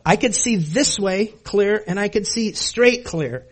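A middle-aged man telling a story about his high school football days to an audience, animated and laughing as he acts out his past self. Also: measured pace.

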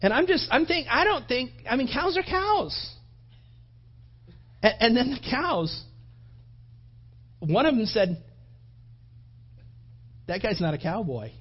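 Husky high-voiced preacher telling a story. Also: male voice, takes it slowly, long pauses, muffled recording. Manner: animated storyteller, acts out his own thoughts. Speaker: pastor. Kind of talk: sermon with a personal story.

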